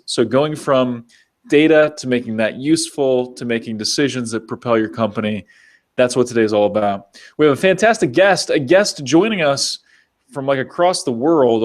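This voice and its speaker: A man hosting a business interview show, enthusiastic and chatty, often restarting his words. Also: mid-range voice. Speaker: podcast host. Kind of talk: upbeat show host chat.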